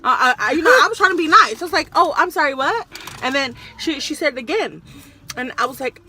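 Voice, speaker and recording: Bright, lively young woman telling stories. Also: high-pitched, fast, a little hiss or hum. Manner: animated storyteller who acts out customers' voices. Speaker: vlogger and sandwich shop worker. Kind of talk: casual chat while eating.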